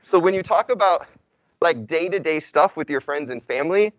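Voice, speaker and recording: A young man teaching a Spanish class in an easygoing, talkative way, with a native English speaker's voice. His voice sits a bit high for a man. The recording is dry and slightly muffled, with no room echo. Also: animated, moderate pace. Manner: chatty, informal, uses y'all and like. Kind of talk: casual classroom lecture.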